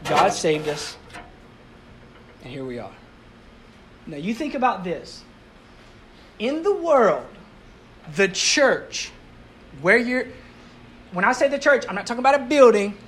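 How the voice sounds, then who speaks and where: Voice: mid-range voice, sing-song, takes it slowly, pauses often, a bit bright, slight background noise. A pastor giving a sermon to a congregation in a conversational way, asking the audience rhetorical questions and mixing in light humor.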